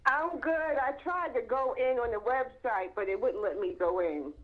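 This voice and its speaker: A woman calling in to a live show in casual chat, upbeat and brisk. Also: a little high, lively intonation. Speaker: caller. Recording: dull phone line with faint noise.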